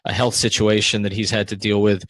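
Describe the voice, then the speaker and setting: Low-voiced man asking interview questions. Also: level tone, fairly bright tone, no echo. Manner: measured, explanatory, with frequent "uh" fillers. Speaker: podcast host, sports writer.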